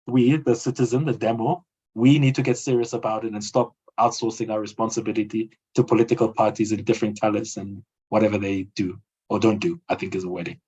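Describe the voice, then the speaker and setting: A man's voice: on the low side, flat delivery, fast talker, mellow, husky. A South African man arguing his point in conversation, emphatic and rhetorical, often acting out the voices he quotes. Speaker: guest commentator. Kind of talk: conversational argument. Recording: dull lo-fi audio.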